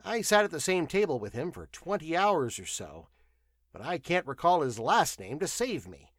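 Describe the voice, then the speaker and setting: A cheerful, talkative traveling salesman in a storybook, as a man reads him. He rattles on heartily in a lively, bouncing voice. The sound is dry and close. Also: a little high, moderate pace, no echo, voice pushed up.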